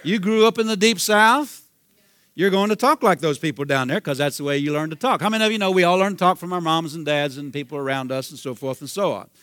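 A man's voice: a little high, quick pace, fairly bright tone, no echo. A man preaching a sermon with a Southern US accent, fervent and repetitive, calling out hallelujah. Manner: fervent, repeats himself, calls out hallelujah.

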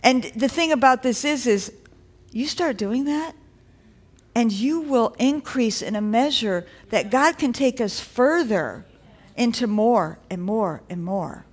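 A woman's voice: on the high side, animated, takes it slowly. Woman preaching conversationally to a congregation. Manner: conversational preaching with rising exhortations. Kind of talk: sermon. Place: church.

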